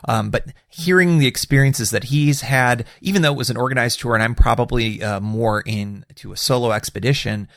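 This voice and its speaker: A man's voice: mid-range voice, fairly quick, gravelly, hardly any pauses, fairly bright tone, no echo, studio quality. A man hosting a podcast, talking in an upbeat, chatty way with fillers and laughs. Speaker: podcast host. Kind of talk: casual podcast talk.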